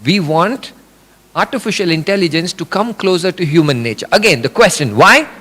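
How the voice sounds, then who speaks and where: A middle-aged man giving an animated religious lecture, explaining with examples. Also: sits high, fairly quick. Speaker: religious speaker. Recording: long reverb of a hall.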